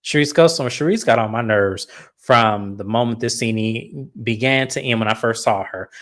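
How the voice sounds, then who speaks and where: A woman's voice: extremely low pitch, normal speed. A woman recapping a reality show in casual commentary, blunt and opinionated, swearing freely.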